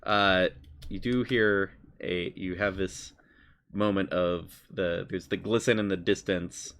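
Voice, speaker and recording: Low-voiced guy dming a tabletop game, rambly, lots of fillers. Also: steady tone, slow, fairly bright tone, slight background noise. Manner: loose, rambling description with fillers. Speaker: dungeon master.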